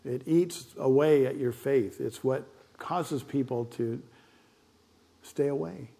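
A man's voice: medium pitch, slow, gravelly, mellow. An older man with grandchildren, a pastor giving a conversational sermon full of fillers and asides.

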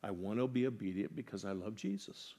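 A man preaching a sermon, earnestly putting questions to his congregation and moving between loud, emphatic lines and soft, quiet ones. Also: on the low side, expressive, brisk. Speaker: pastor.

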